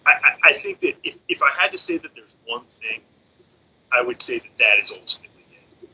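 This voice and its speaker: A man talks on a casual podcast in a very bright, sharp voice. He speaks haltingly and restarts his sentences often. The audio is dull and lo-fi with faint background hiss. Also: mid-range voice. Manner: halting, many restarts and fillers.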